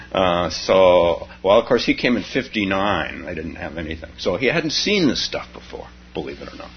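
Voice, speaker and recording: A man's voice: low voice, very animated, moderate pace. An older man, a Zen teacher, giving a dharma talk full of personal stories and frequent chuckles. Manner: chuckles often while telling stories. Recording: dull lo-fi recording with faint noise.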